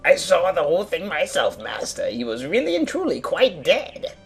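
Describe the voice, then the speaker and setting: A man voicing a fawning male genie servant in a fan reading of a game, with a high, sing-song, camp delivery. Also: big pitch swings, normal speed, vocal fry, soft background music.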